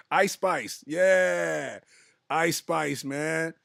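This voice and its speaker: Slow-talking laughing male podcast host. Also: on the high side, creaky, fairly bright tone, no room sound, clean studio sound. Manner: laughs often, slangy, drawn-out delivery. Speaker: podcast host reading live chat. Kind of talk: casual comedic chat.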